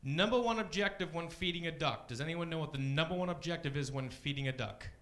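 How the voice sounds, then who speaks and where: Onstage at a club, this man is a fast talker doing chatty, deadpan stand-up. He keeps leaping into high voices for the other characters in his stories.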